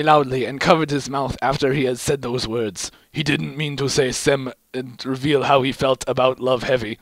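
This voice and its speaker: A man's voice: medium pitch, steady tone, normal speed, few pauses, dry recording. Wry man reading a fan story aloud. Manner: wry, stumbles over words. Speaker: channel host reading fan fiction. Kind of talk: casual amused read-aloud.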